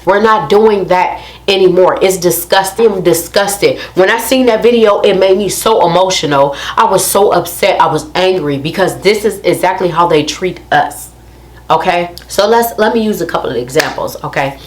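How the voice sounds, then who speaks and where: A woman's voice: lowish voice, moderate pace. A young adult woman, telling a story in a casual, emphatic rant to her viewers and repeating her points. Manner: emphatic, repeats phrases, addresses viewers directly. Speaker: vlogger.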